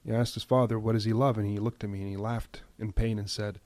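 Impassioned man speaking gravely. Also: fairly low pitch, flat delivery, dry recording. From United States. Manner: impassioned, emphatic, slowing to a hushed, grave tone. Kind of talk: impassioned news commentary.

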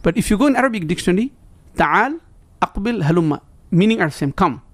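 A man's voice: high voice, lively intonation, quick pace, a bit bright. A man as a guest scholar, earnestly explaining in broken English and reciting quoted Arabic phrases. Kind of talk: explaining in conversation.

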